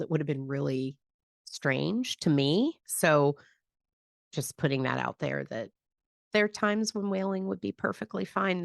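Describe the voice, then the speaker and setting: A woman hosting a podcast, calmly explaining a mindfulness practice with personal stories. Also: low voice, no room sound, clean studio sound. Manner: calm, reflective, explanatory. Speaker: podcast host and grief teacher. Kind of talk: conversational podcast teaching.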